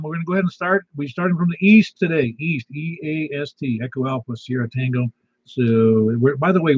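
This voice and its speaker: A man's voice: medium pitch, slightly rough. Folksy man with a slight lisp. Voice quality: slight lisp from a missing tooth. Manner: folksy, rambling announcements with fillers. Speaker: net control host. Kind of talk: casual radio net chat. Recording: dull lo-fi radio audio.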